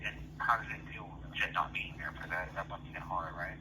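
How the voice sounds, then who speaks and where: A man hosting an interview, asking gentle, sympathetic questions. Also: deep voice, steady tone, brisk. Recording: noisy recording with hum.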